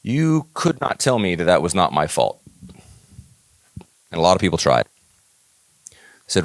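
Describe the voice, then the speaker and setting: A middle-aged man with a very low voice gives a motivational talk to an audience. He tells stories and acts out conversations, with his voice climbing for emphasis. The sound is close and dry, with no room echo. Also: big pitch swings, measured pace, creaky, pauses often. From Northern California. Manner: storytelling, acting out dialogue with rising emphasis. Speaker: keynote speaker.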